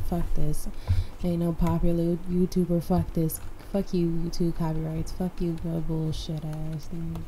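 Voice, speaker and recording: A woman's voice: fairly low pitch, level tone, a little slow, background noise. A young adult woman commenting on a game as she plays, reacting emotionally and swearing often. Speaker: gamer. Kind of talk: let's play commentary. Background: game music.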